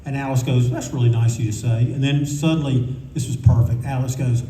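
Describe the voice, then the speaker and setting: A man's voice: medium pitch, fairly even intonation, fairly quick, mellow, slight background noise. An older man telling casual, profane stories on a convention panel, acting out the people he quotes. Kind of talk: live anecdotal storytelling. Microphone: audience recorder at a distance. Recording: echoey room from far off, faint ambience.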